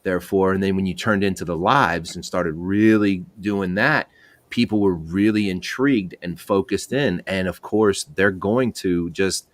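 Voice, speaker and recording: Low voiced guy hosting a chat, dry sound, keeps repeating himself. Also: unhurried, dry recording. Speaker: podcast host. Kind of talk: casual chat.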